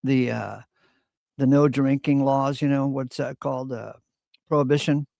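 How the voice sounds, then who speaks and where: Gravelly man, opinionated. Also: mid-range voice, fairly even intonation, measured pace, darkish tone, no echo, clean studio sound. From Virginia. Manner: opinionated storyteller, clears throat often. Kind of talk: casual chat.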